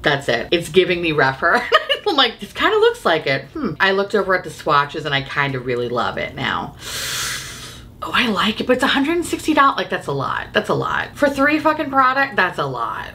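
A woman's voice: fairly low pitch, normal speed. A woman, a beauty YouTuber, chatting casually about makeup, swearing freely and laughing often. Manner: profane, giggly, animated and opinionated.

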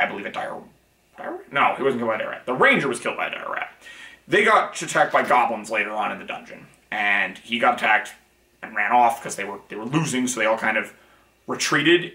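A man's voice: medium pitch, very animated, brisk, sharp tone. Guy rambling on about stuff, corrects himself a lot, bouncy room echo. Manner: rambling, self-correcting, frank. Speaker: channel host. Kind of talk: casual monologue. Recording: echoey room.

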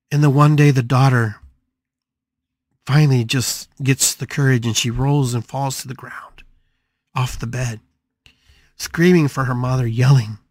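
A man's voice: mid-range voice, darkish tone, dry recording, clean studio sound. A man hosting a spiritual podcast, telling a story with emphatic, dramatic repetition. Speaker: podcast host.

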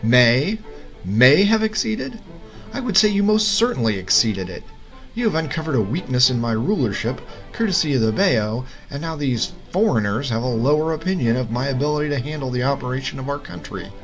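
A man voicing an angry, exasperated king who booms and scolds, with music behind. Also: expressive, quick pace, hardly any pauses, close to an everyday voice, poor audio. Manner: booming and scolding.

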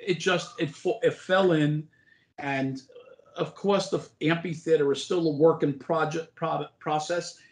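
A man's voice: a little high, fairly even intonation, unhurried. An older man who is a former borough president, telling stories as an interview guest in a rambling way, with lots of "uh" and restarts. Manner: rambling anecdotes full of "uh" and restarts. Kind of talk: casual interview storytelling. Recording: roomy echo.

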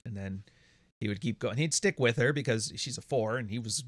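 A man's voice: mid-range voice, a little fast, no echo, studio quality. Blunt, profane man hosting a show. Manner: blunt, profane, laughs often. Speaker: podcast host. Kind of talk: casual monologue to viewers. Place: home studio.

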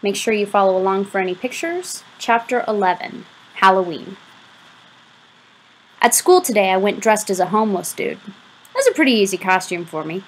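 A woman reading a novel aloud as an audiobook, giving the first-person narration a lively, expressive delivery. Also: medium pitch, moderate pace, breathy edge, poor audio. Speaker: audiobook reader.

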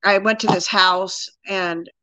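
A woman's voice: medium pitch, fairly even intonation, takes it slowly, pushed and bright, no room sound, poor audio. A woman in her sixties, a guest plainly recounting her own experience in a casual interview.

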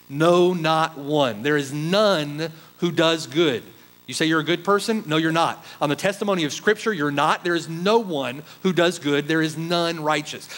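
High-voiced man preaching a sermon. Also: fairly bright tone, low-quality recording. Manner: emphatic preaching with rhetorical questions. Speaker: pastor. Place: church.

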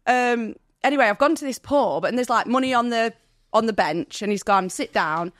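A woman's voice: on the high side, lively intonation, fairly quick, no room sound, clean studio sound. A woman, tearful as a podcast guest, telling her story in a rambling, apologetic way. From Manchester, England. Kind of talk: personal storytelling in a podcast interview.

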